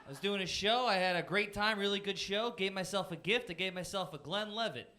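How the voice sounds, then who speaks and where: A man in his twenties from Florida doing a self-deprecating stand-up set on a comedy club stage, punchy, with quick jumps into silly voices. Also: sits high, pushed and bright. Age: 20s. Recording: noisy live comedy club with crowd laughter. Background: audience laughter.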